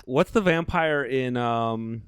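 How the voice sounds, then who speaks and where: A young man co-hosting a comedy podcast, relaxed and hesitant, chuckling now and then. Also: medium pitch, slow pace, slight background noise. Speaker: podcast co-host. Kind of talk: casual comedic chat.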